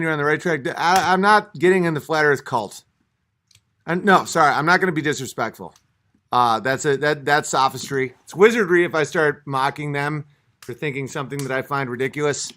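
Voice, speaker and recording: A man's voice: fairly high pitch, sharp tone. A young man a few drinks in, ranting in exasperation on a livestream, swearing and restarting as he reads his chat. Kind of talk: livestream rant.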